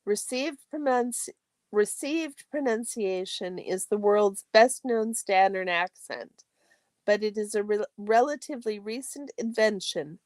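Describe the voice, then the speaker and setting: A woman's voice: medium pitch, no echo. Woman reading a textbook aloud, dry sound. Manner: steady, careful reading with occasional self-corrections. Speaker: study stream host.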